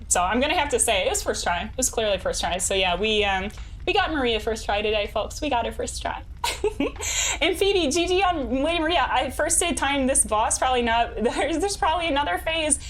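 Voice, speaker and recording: A young woman talks casually with her live-stream chat while gaming. Her voice sits a little high and she laughs easily between thoughts. A faint hiss runs under the desk mic. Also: a bit bright. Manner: bubbly, laughs often, reads chat aloud.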